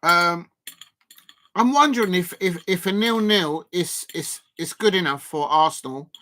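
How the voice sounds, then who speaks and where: A man with a high, bright, forceful voice hosts a live football watch-along, speaking unhurriedly. He chats to viewers while eating, rambling with plenty of fillers and restarts in casual live-stream talk.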